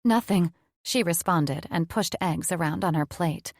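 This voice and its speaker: A woman's voice: lowish voice, steady tone, a little slow, vocal fry, dry recording, clean studio sound. Woman narrating a romance audiobook.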